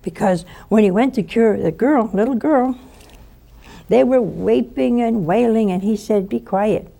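A woman giving a spoken sermon, telling a story in an animated way and acting out the voices of the people in it. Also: a little high, unhurried, gravelly. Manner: animated storyteller who acts out quoted voices.

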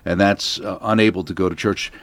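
A man hosting a religious talk show, speaking in a measured, earnest way. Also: sits low, steady tone.

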